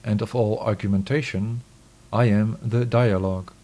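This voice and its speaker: A man with a fairly low voice reads scripture aloud. His delivery is measured and solemn, declaiming each line with steady weight.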